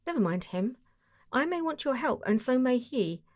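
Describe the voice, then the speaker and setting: Give me a cool, dry male detective, as read by a woman, brisk and sure of himself. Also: high-pitched, sing-song, darkish tone, no room sound, voice pushed up. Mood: brisk, amused. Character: sharp, dry, self-assured male detective.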